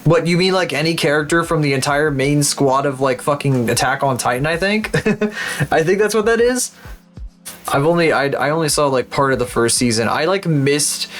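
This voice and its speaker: A man's voice: fairly high pitch, normal speed, a bit bright, faint music behind. Profane young male streamer rambling. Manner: profane, rambling, mumbles names aloud. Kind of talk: live-stream commentary while playing.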